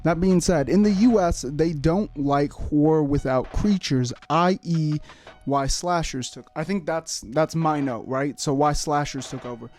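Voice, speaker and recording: A man's voice: fairly high pitch, a little slow, darkish tone. A man giving a casual video essay as a YouTuber, joking and rambling with lots of fillers and swearing.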